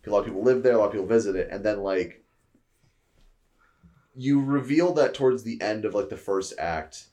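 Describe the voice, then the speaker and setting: A man's voice: brisk, long pauses, warm tone. A man co-hosting a podcast, loosely talking through a story idea with hesitations and fillers. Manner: loose, hesitant pitching with "you know" and "like". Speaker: podcast co-host. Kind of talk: casual chat.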